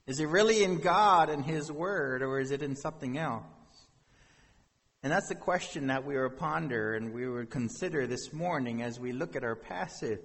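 Husky-voiced pastor preaching in a hall. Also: male voice, fairly high pitch, fairly bright tone. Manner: earnest, conversational preaching. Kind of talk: sermon.

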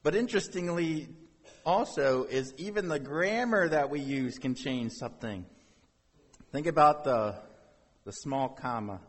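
A man's voice: on the high side, expressive, measured pace, breathy edge, long reverb tail. A man preaching a sermon as pastor, talking to the congregation in a conversational way with rhetorical questions.

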